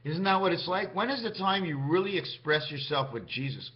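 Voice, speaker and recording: A man's voice: sits high, brisk. A man vlogging in a rambling, free-associating monologue, musing aloud as he goes. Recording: dull lo-fi recording.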